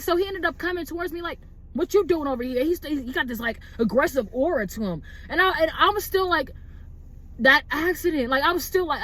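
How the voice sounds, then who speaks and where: A young woman vlogger telling a personal story in a casual, rambling way, full of "like" and "bro". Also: high voice. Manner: rambling, animated, lots of "like" and "bro".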